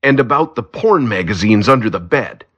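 A man's voice: fairly low pitch, lively intonation, normal speed, a bit bright, breathy edge, dull audio, voice pushed up. A man voicing a nervous small-time male thief who pleads in a whiny voice. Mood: pleading.

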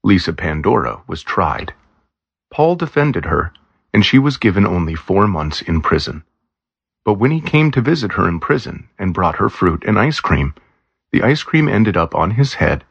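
A man reading a story aloud in plain, even storybook narration. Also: sits low, moderate pace, creaky, breathy edge, no room sound, highs cut off.

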